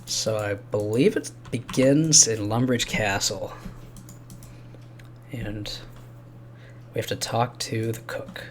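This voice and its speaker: A man's voice: on the low side, takes it slowly, pauses often, crowd noise. Chatty man rambling through a game. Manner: rambling, chuckling, trailing off into fillers. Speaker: game host recording a quest playthrough. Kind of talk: casual gaming chat.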